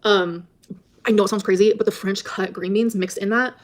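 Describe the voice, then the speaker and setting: A woman's voice: mid-range voice, steady tone, normal speed. A young woman vlogger chatting casually and rambling about her day, with her speech full of "like" fillers. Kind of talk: casual chat vlog.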